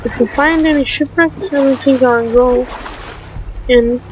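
A woman's voice: high-pitched, measured pace, a little hiss or hum, low-quality recording. A woman giving casual let's play commentary, reacting to the game with swearing and exclamations on a desk mic. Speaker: gamer. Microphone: desk mic on a stand.

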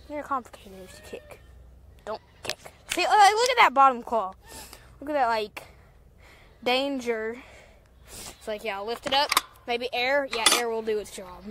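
A young woman vlogs outdoors on a farm in a high, bouncy voice that leaps up and down as she rambles, giggling and filling her talk with "like". The recording is noisy, with goats and sheep bleating behind her. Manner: rambling, giggly, lots of "like" fillers. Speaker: farm vlogger. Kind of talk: casual vlog.

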